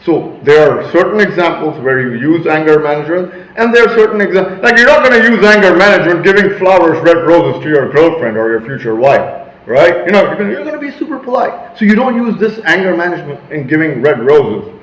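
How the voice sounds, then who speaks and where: A man's voice: a little high, very animated, brisk. Man, vlogger, emphatic rambling talk, raised voice, roomy echo. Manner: emphatic, rambling, shifts into loud assertive bursts. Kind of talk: motivational monologue.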